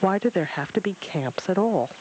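A wise old man in a storybook who speaks calmly and asks pointed questions. He sounds gently amused and reflective, as voiced by a man reading aloud. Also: high voice, moderate pace, a little hiss or hum, voice pushed up, low-quality recording. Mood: questioning. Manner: calm, reflective, lightly mocking.

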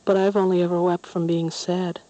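A woman's voice: fairly low pitch, flat delivery, brisk, warm tone, no room sound, lo-fi sound, lightly acted. A woman voicing a curious, matter-of-fact young girl in a storybook reading. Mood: earnest.

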